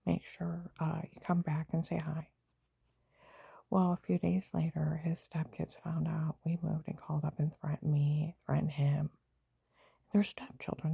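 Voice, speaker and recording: This woman speaks in a very gravelly, rasping, breathy voice that sits low and dark. She rambles through a personal story in an aggrieved tone, flaring into angry bursts. The sound is dry and close, with no room echo. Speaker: vlogger.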